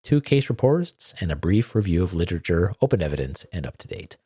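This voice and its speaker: A male podcast co-host in casual comedic chat. He teases in a dry, deadpan manner while his pitch moves around a great deal. The sound is close and dry. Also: brisk, husky, dry recording.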